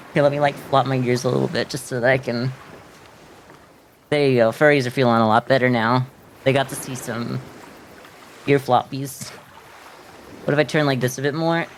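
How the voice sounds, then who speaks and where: A man's voice: medium pitch, steady tone, normal speed, pauses often, slight background noise. A man streaming a video game, talking casually, rambling and joking with frequent giggles.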